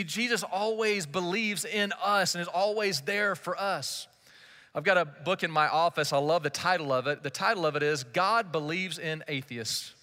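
High, bright-voiced male preacher. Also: moderate pace, long reverb tail. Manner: emphatic, conversational preaching with repeated rhetorical questions. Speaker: pastor. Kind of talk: sermon.

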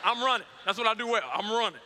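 A man in his thirties, a pastor preaching a sermon, telling stories in an animated way, acting out dialogue and joking about himself. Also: high voice, slight background noise. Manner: animated storytelling, acts out dialogue, self-mocking humor. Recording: long hall reverb.

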